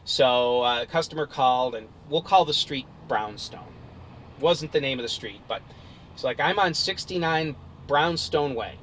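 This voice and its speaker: A middle-aged man, an appliance repair technician, casually telling stories in an animated way with many fillers, recorded in a car. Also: mid-range voice, moderate pace, slight background noise, rough recording. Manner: animated, lots of fillers and restarts. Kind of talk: casual storytelling.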